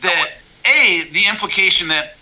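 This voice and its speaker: A man talking as a guest in a casual interview, blunt and animated, telling stories with many restarts. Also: sits high, normal speed, lo-fi sound, a little hiss or hum. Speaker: MMA color commentator, guest.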